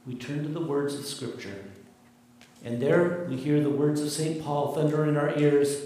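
A man preaching a sermon as pastor, with emphatic, slowly stressed phrases, in a large church. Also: fairly high pitch, mellow. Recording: very echoey hall, mic far off.

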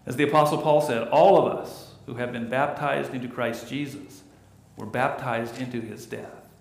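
A man's voice: mid-range voice, steady tone, moderate pace, vocal fry, slight background noise. A middle-aged male pastor preaching a sermon with earnest delivery that rises and falls. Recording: echoey church room.

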